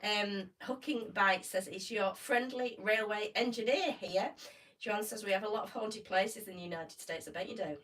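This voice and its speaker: A woman's voice: medium pitch, normal speed, few pauses, a bit bright, far from the mic, a little hiss or hum, poor audio. A woman co-hosting a casual live stream, reading viewer comments aloud in a chatty, teasing way and laughing often.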